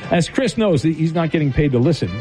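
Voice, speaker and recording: A man's voice: a little high, expressive, fast talker, darkish tone, soft background music. A man hosting a radio call-in game show in a casual, rambling way, with many fillers and restarts.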